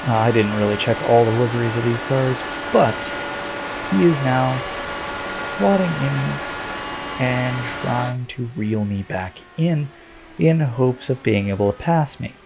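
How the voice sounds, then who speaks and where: A man calls his own race replay in a chatty, self-deprecating way. His voice has a gravelly edge. Faint game sound runs underneath. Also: medium pitch, moderate pace, background noise. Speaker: sim racing commentator.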